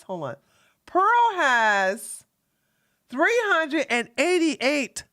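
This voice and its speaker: Woman host, DC area, drama commentary stream: mocking, unhurried delivery, dry close sound. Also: mid-range voice, fairly bright tone, no room sound. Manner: sassy, mocking, talks straight to chat. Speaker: livestream host.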